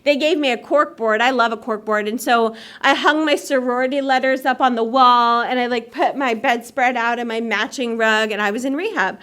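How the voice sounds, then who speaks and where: A woman's voice: a little high, steady tone, normal speed, few pauses, fairly bright tone. A woman sharing her personal recovery story at a meeting, in a chatty, self-mocking way and laughing often. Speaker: AA meeting speaker. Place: meeting hall.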